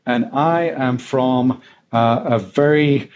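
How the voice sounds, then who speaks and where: A man with a softened Yorkshire accent hosts a casual talk segment, chatty and quick to laugh. His voice sits in a middle register. The sound is slightly dull, with a faint hiss underneath. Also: medium pitch. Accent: Yorkshire English, softened. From Yorkshire, England. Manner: chatty, laughs often, fillers. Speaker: host. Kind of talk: casual talk show chat.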